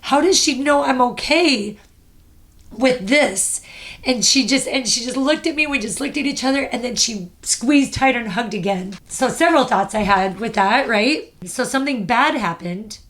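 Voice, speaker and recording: A woman's voice: fairly high pitch, normal speed, few pauses, fairly bright tone. A woman podcast host telling a personal story in an earnest, heartfelt way. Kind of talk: casual chat.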